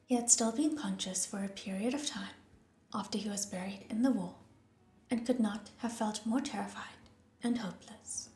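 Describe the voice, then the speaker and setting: A woman narrating an audiobook in a soft, hushed, often whispery voice. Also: mid-range voice, normal speed. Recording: roomy echo with soft music.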